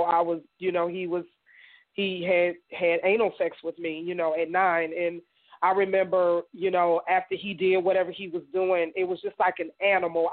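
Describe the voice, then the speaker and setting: A woman from Indiana, an interview guest, giving a halting personal testimony full of "you know.". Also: on the low side. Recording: tinny phone line.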